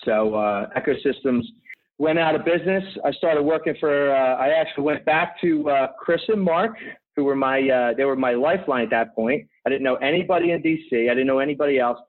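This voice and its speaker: A man in his thirties from Philadelphia, a podcast guest telling stories in an energetic, rambling way full of "you know" asides. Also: medium pitch, fairly quick. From Philadelphia, USA. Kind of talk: conversational interview storytelling. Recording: tinny phone-like line.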